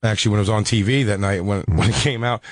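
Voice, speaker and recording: A man, a comedian, telling a story in a rambling, animated way with many restarts. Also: fairly low pitch, quick pace, no room sound. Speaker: comedian guest.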